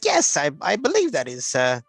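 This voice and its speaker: A man's voice: fairly high pitch, wildly swooping pitch, moderate pace, creaky, a bit bright, no echo, faint music behind, pitched below the performer's own voice, exaggerated voice. A man voicing a courteous, formal-speaking male merchant in a tabletop role-play. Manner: stiff formal phrasing.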